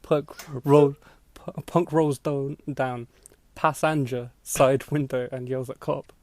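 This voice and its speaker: A man's voice: medium pitch, steady tone, slow, a little mellow, dry recording. Man laughing through a mocking reading. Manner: laughing through a mocking read, acting out voices. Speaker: podcast host. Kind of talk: comedic dramatic reading of an old blog post.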